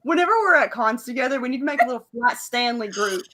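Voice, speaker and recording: Bright chatty woman host. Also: a little high, expressive, fast talker. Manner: chatty, playful. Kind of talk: casual interview chat. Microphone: video call.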